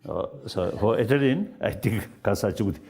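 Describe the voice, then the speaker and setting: An older man who is not an English speaker, talking in a halting, searching way with many fillers and ready laughs. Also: lowish voice. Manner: laughs easily, animated. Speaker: spiritual leader in dialogue. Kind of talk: unscripted dialogue.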